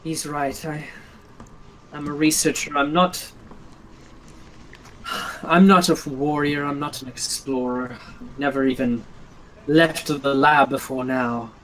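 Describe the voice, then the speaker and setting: A man voicing a nervous young woman researcher, who speaks hesitantly and softly. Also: a little high, steady tone, slow, long pauses, slight background noise, poor audio. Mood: anxious.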